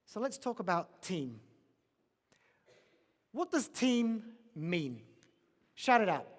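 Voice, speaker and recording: A keynote speaker delivers a motivational talk in a large conference hall, emphatic and circling back to his key questions. His high, sing-song voice moves slowly with long pauses, and the hall's long reverb carries it.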